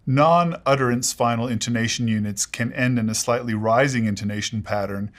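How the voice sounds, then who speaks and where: A man explaining English pronunciation in a lesson, measured and precise, giving spoken examples. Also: medium pitch.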